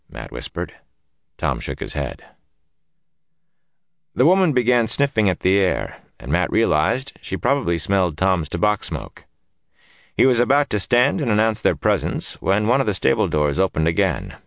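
A man reading a fantasy audiobook in an expressive, dramatic storytelling manner. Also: low-pitched, normal speed, creaky, dry recording, clean studio sound. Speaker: narrator. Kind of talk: audiobook narration.

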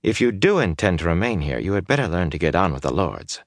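A man reading an audiobook voices a proud, sharp-tongued young noblewoman who speaks in a tight, dismissive way. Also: deep voice, big pitch swings, fast talker, dry recording, studio quality, heavily acted. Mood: tart.

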